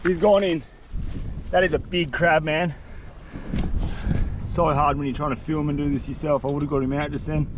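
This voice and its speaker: Male outdoor vlogger, high-pitched and excitable, self-filmed on a handheld camera with faint background ambience. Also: normal speed, pauses often, muffled recording, background noise. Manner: excited, breathless slang-filled chatter. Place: outdoors in mangroves by water.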